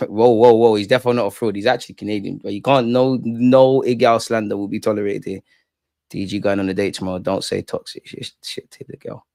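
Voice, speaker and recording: A man's voice: mid-range voice, fairly quick, no echo, studio quality. Slangy man chatting on stream. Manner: slangy, joking banter. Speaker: streamer reading live chat. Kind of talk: casual live-stream chat. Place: room at home with curtains closed.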